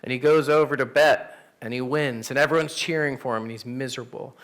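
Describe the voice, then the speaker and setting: A man, a pastor, teaching an adult Sunday class in a church room, telling stories in a casual, animated way. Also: medium pitch, a little fast. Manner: animated, storytelling, conversational with fillers. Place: church classroom with teens present.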